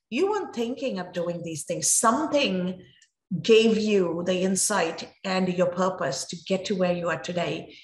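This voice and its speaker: A woman's voice: mid-range voice, roomy sound, slight background noise, low-quality recording. A woman hosting a podcast, introducing her guest with effusive enthusiasm. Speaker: podcast host. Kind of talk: interview introduction.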